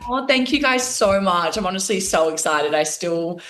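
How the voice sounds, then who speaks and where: A woman's voice: fairly low pitch, lively intonation, normal speed, fairly bright tone. A young Australian woman guest, talking in a bubbly, gushing way in a casual interview. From Australia and New Zealand. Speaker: guest cheerleader.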